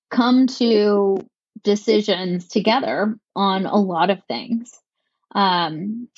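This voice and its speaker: A woman co-founder answering interview questions in a measured, articulate way, with a touch of dry sarcasm. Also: medium pitch, darkish tone, dry recording, highs cut off. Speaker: company co-founder.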